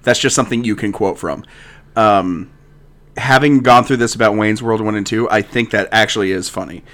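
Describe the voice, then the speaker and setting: A man's voice: fairly low pitch, fairly bright tone. A man in his thirties chatting casually about old comedy films, often stumbling and repeating words as he starts sentences. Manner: halting, repeats words and restarts. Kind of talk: casual chat about movies.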